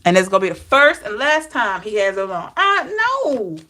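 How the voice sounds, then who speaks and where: A woman tarot reader chatting casually with her live-stream viewers, laughing and talking back to them by name, with drawn-out, disbelieving exclamations. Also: mid-range voice, lively intonation, sharp tone, a little hiss or hum.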